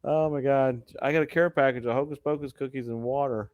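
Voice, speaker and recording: A man's voice: mid-range voice, steady tone, fairly quick, dry recording, muffled recording. A man hosting a casual live video chat, rambling and joking with some swearing. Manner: rambling, profane, jokey. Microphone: video call.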